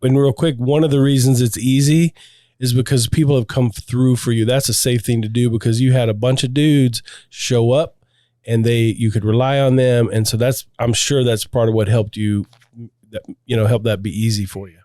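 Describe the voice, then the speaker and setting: A man's voice: medium pitch, fairly even intonation, moderate pace, mellow, dry recording, clean studio sound. Earnest male podcast co-host. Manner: earnest, asks follow-ups. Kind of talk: casual interview questions.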